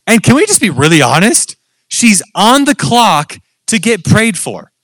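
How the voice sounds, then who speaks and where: A man preaching a sermon in church, telling stories in a casual, conversational, animated way. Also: sits high, a little slow, no room sound, poor audio.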